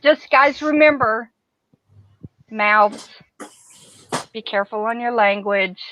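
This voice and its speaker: A woman's voice: a little high, slow pace, a bit bright, lo-fi sound. A woman joining a casual livestream as a panelist, playful and teasing as she greets viewers.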